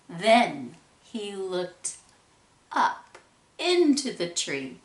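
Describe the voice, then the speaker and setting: Slow expressive woman reading a storybook. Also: medium pitch, far from the mic. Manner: expressive and drawn-out. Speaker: storybook reader. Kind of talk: read-aloud children's story. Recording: echoey room.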